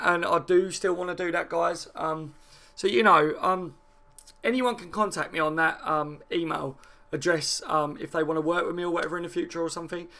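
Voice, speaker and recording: A man hosting a football fan channel, chatting fast and excitedly and answering viewer comments with frequent laughs. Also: on the high side, creaky. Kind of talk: live fan chat reacting to viewer comments.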